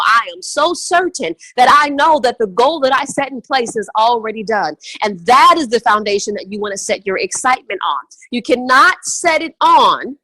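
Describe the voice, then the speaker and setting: A woman's voice: on the high side, expressive, normal speed, few pauses, sharp tone, dry recording. A woman teaching as a money mindset coach on a call, emphatic and fond of repeating words for stress. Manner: emphatic, repetitive, chant-like stresses.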